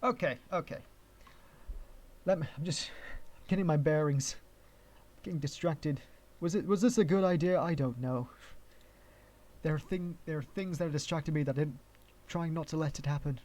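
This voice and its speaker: Streaming a 3D rigging lesson, this Canadian man with an English accent rambles casually and unscripted, restarting sentences and laughing at himself as he works. His voice sits slightly higher, a little mellow, at a normal speed.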